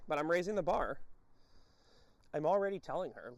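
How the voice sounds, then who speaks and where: A man with a slightly high voice, teaching viewers about dog training as he works a dog outdoors. He breaks off his explanations to bark short, firm commands, then turns back to speak to the audience as "folks". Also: expressive, moderate pace, creaky, long pauses, a little mellow, dry recording. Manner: addresses viewers directly as folks. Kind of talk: instructional commentary while training a dog.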